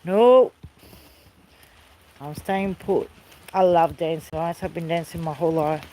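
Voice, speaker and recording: A woman's voice: fairly low pitch, measured pace, warm tone, slight background noise, poor audio. A woman with an Australian accent chatting in a rambling, easygoing way outdoors by a fire, calling out now and then to people off camera. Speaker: vlogger. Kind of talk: casual chat. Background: rain falling.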